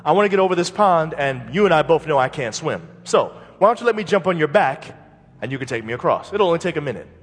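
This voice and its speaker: A man voicing a smooth-talking male scorpion from a fable, coaxing and persuasive, in a hall with long reverb. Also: on the high side, very animated, fast.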